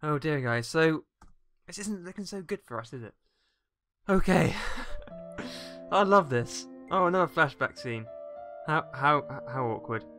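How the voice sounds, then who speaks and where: Excitable English young man gaming. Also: fairly high pitch, a little slow, long pauses, faint music behind. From England. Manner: jokey, excitable, shrieks when startled. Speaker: let's player. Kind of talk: casual game commentary.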